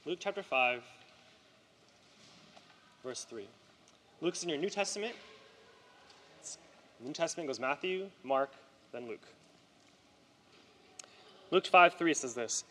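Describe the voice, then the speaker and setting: Animated preaching man in a reverberant hall. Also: fairly high pitch, takes it slowly, long pauses, slight background noise. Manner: animated, conversational preaching with frequent "right?". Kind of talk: sermon.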